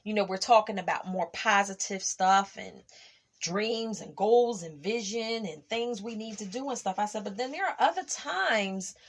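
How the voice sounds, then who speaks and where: A woman's voice: medium pitch, normal speed. A middle-aged woman hosting a faith podcast, talking emphatically and acting out past conversations. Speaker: podcast host. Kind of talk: casual faith podcast monologue.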